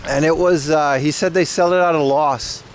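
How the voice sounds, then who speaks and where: An IRL livestreamer walks city streets outdoors, bantering loosely and slangily with his viewers and reading their chat. His voice sits on the high side with a steady tone and moderate pace, and there's slight background noise.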